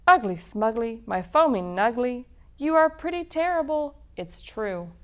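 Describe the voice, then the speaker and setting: A woman voicing a flattering magic mirror in a storybook reading, with a sing-song delivery. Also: a little high, a little slow, dull audio.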